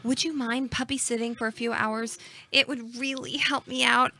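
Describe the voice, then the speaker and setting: Woman, comedy sketch performer, brassy host, bright, a bit high. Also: fairly even intonation, moderate pace.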